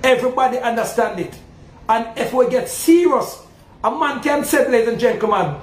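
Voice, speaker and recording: Sex: man. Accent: Jamaican. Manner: emphatic, preachy. Pitch: very high. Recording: echoey room. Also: lively intonation, moderate pace. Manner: emphatic, asks the audience "you understand?". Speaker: self-styled Maroon chief. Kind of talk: preaching monologue. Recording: roomy echo with faint ambient noise.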